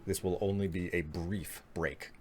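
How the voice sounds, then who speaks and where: A man's voice: sits low, steady tone, unhurried, a little hiss or hum. A man streaming a game live, chatting casually to his viewers while congested from allergies. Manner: chatty, talks straight to his chat, self-mocking. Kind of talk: live gameplay commentary.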